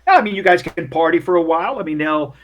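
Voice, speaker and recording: Game master, male, slightly higher voice, loose and chatty narration. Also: expressive, quick pace. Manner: casual, rambling, many fillers.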